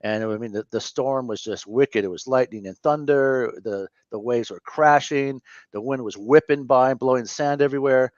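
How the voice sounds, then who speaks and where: Recorded lo-fi with no room sound, a fifties-aged man in a mid-range voice shares a personal story as an interview guest. His speech is candid and earnest but halting, full of self-corrections.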